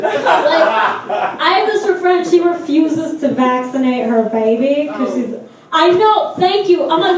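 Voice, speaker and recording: A woman's voice: high-pitched, animated, a little slow, a crowd in the background. A woman stand-up comedian on a club stage, delivering brash, sardonic punchlines. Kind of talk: stand-up routine. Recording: echoey room, distant mic, noisy.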